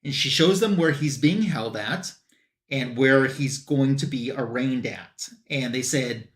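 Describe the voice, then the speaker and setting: A man on a comic book show giving a casual plot recap and quoting characters in quick bursts. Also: medium pitch, reverberant. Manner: retells scenes with quick quoted voices for characters.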